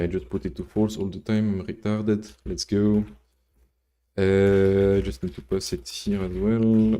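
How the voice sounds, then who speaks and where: Speaking in a lowish, warm voice, a man who grew up with French live codes while musing aloud. He tends to ramble, swears casually and breaks to chat with viewers between steps.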